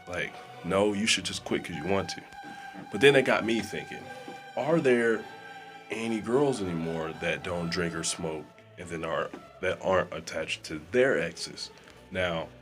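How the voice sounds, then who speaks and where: A man's voice: sits low, fairly bright tone. A man chatting casually to camera as a vlogger, rambling with lots of fillers, in a small sound-deadened room. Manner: rambling, filler-heavy, conversational. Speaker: vlogger and musician.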